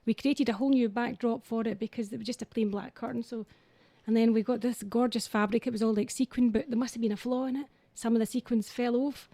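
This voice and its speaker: A woman's voice: fairly high pitch, steady tone, fast, mellow, dry recording. A Scottish woman, a singer and entertainer, chatting as a guest on a radio interview, laughing often and poking fun at herself.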